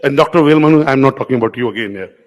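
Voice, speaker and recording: Man, middle-aged, conversational keynote speaker, mid pitch. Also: very fast, low-quality recording. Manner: conversational, anecdotal, addresses audience members by name. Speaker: media company owner addressing award winners. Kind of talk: informal keynote speech. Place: event hall.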